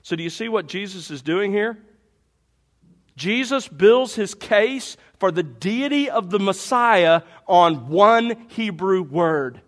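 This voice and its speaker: A man's voice: high-pitched, lively intonation, slow. A man preaching a sermon, teaching through a Bible passage with emphatic rhetorical questions. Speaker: pastor.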